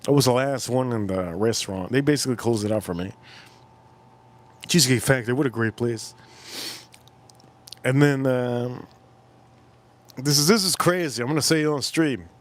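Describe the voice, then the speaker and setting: A man's voice: medium pitch, normal speed, long pauses. A man hosting a livestream, telling a rambling story in a casual way, often repeating phrases and swearing in passing. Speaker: livestream host.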